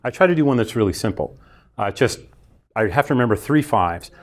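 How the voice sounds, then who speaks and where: A male instructor speaks to a classroom about voice warm-ups, breathing and relaxing before a talk. His pitch jumps up and down as he explains, and he acts out the sounds he describes. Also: lively intonation, brisk. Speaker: continuing education instructor.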